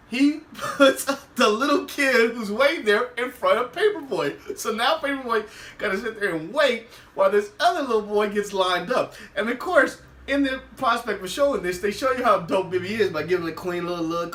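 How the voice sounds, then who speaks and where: Animated high-voiced man recapping a show. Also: normal speed, recorded from a distance. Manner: animated, laughs often, acts out quotes. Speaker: podcast host. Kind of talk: casual TV episode recap. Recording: roomy, away from the mic.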